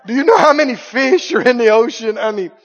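In a dull, lo-fi recording, a brisk preacher whose voice is strikingly high delivers a folksy sermon. His lines alternate between low-key calm and loud, excited outbursts.

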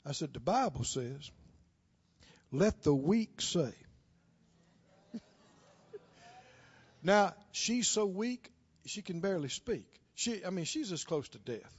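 Preacher, male, high and unhurried, impassioned drawn-out emphasis, dull dry lo-fi recording. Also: sing-song, husky. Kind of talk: sermon with storytelling.

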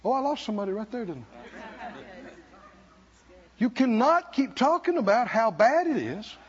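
An older man preaching a conference sermon, animated, acting out voices and drawing responses from the congregation. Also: very high-pitched, moderate pace, a faint crowd. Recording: dull lo-fi live recording.

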